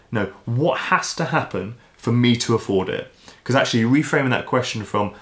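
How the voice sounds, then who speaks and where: A man as a podcast guest, talking in a casual, animated way and acting out the voices he quotes. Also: medium pitch, a little fast. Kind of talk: casual interview chat. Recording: roomy echo.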